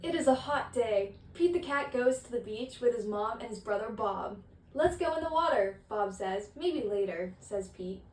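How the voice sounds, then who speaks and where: A woman's voice: a little high, lively intonation, normal speed. A woman reading a children's picture book aloud in different practice voices, hesitant and self-conscious. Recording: echoey room with faint ambient noise.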